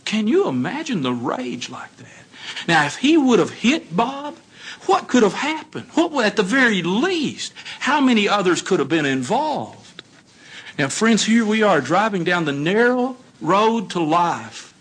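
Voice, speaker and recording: A man giving a sermon, telling stories in an animated way and putting questions to his listeners. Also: high voice, a little slow, slightly rough. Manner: animated storytelling, acts out dialogue, asks the audience questions. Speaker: congregation speaker.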